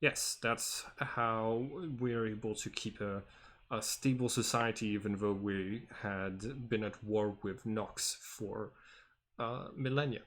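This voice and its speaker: A man as game master, improvising narration and in-character answers in a hesitant, halting way full of fillers. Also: lowish voice, fairly even intonation, fairly bright tone. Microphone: online voice call.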